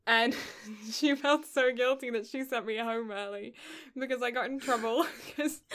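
Young female co-host, rambling casual storyteller, slightly high and very bright tone. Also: measured pace. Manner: rambling storyteller, often laughing mid-sentence. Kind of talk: casual chat.

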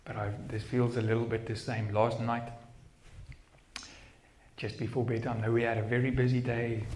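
A man's voice: mid-range voice, little pitch movement, normal speed, darkish tone, slight background noise. A middle-aged man with a South African Afrikaans accent, preaching a sermon in an earnest, personal way, often restarting his sentences. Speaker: pastor. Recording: echoey room sound.

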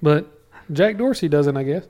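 A man's voice: a little high, animated, moderate pace, mellow. A young man co-hosting a podcast, joking bluntly in casual banter. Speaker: podcast co-host. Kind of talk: casual chat.

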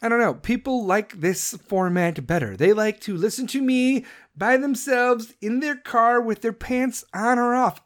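A man's voice: very high voice, big pitch swings, normal speed, vocal fry. A man from the United States hosting a solo podcast, ranting in a rambling, profane and opinionated way. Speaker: podcast host.

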